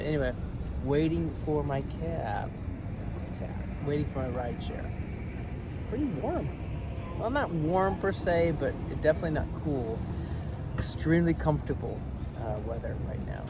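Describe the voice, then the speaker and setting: A man's voice: a little high, lively intonation, normal speed. Rambling man vlogging over road noise. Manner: rambling, easily distracted, dry joking asides. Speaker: travel vlogger. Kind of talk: casual vlog chat to camera.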